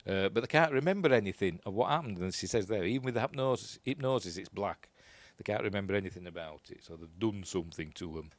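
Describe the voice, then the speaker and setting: A man's voice: low-pitched, quick pace, few pauses, no room sound. A man with a Yorkshire accent giving a casual, rambling commentary while watching a film, often unsure of himself and chuckling at his own asides. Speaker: film reviewer.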